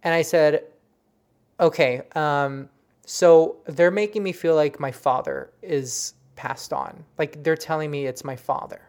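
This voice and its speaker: A psychic medium tells the story of a reading in an earnest, personal way. The voice is soft and emotional, with frequent stumbles and restarted sentences, as if working through the memory aloud. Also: mid-range voice. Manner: earnest, halting, with many restarts; softly emotional.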